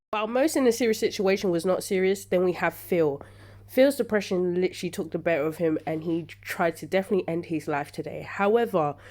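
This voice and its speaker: Slightly sick woman reviewing a soap. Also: medium pitch. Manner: animated and exasperated, rising to loud indignant outbursts; slangy, addresses viewers directly. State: a bit sick. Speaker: TV soap reviewer and channel host. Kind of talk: casual chatty episode review.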